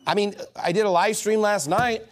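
A man's voice: sits high, moderate pace. Man preaching in a casual tone. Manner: conversational preaching with acted-out dialogue. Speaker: pastor. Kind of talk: sermon. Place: church sanctuary.

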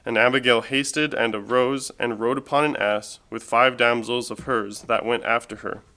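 A man reading a long scripture passage aloud at a steady, measured pace. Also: medium pitch. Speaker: scripture reader.

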